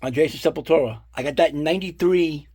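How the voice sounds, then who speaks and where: A man's voice: fairly high pitch, fast talker, a little mellow, breathy edge. A middle-aged man, rambling casually and swearing freely as he shows off his collection. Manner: rambling, profane, full of fillers and asides. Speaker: collector showing his guitar picks. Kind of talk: casual show-and-tell storytelling.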